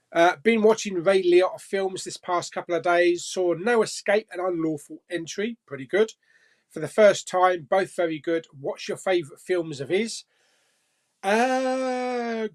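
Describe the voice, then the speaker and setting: Chatty man hosting a live stream. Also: high-pitched. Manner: chatty and jokey, laughs often, swears casually. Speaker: live-stream host reading viewer comments. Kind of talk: casual live chat.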